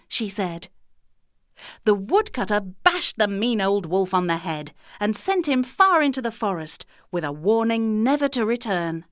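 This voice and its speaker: A woman narrating a children's storybook in an expressive, sing-song manner. She takes her time, letting her voice climb and dip through each sentence. The recording is close and dry, with no room sound. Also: mid-range voice, unhurried, no echo.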